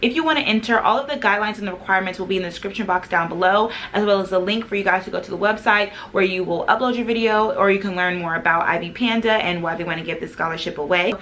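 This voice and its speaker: A young woman with a hoarse, husky voice, chatting upbeat and directly to her viewers as a beauty vlogger. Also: medium pitch, fast, few pauses, a bit bright, slight background noise. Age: young adult. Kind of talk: casual vlog talk to camera.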